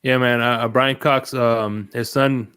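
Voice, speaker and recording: A man's voice: mid-range voice, fairly even intonation, a little slow, a bit bright, clear, resonant tone, no room sound, studio quality. Laid-back man hosting a podcast. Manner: laid-back, asks short questions, joking. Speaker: podcast host. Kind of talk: casual chat.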